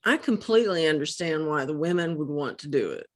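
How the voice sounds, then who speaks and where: A woman's voice: low-pitched, lively intonation, fairly quick. A woman hosting a casual interview, asking blunt, crude-humored questions. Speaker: host.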